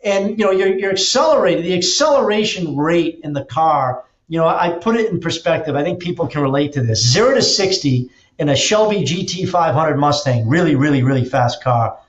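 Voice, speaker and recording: Energetic man telling racing stories. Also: a little high, normal speed, hardly any pauses. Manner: energetic storyteller, acts out quotes, many restarts. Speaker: podcast guest, auto dealer and drag racer. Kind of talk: casual interview talk. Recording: roomy, dull lo-fi sound.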